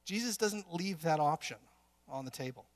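A man's voice: fairly high pitch, animated, moderate pace. A man preaching a sermon in earnest, building to emphatic peaks with some restarts.

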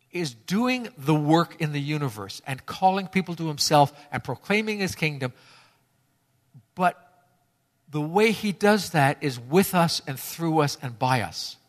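A man's voice: high-pitched, a bit bright, big-room sound. A man preaching a sermon to his congregation, emphatic and fond of repeating key phrases for effect. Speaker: pastor.

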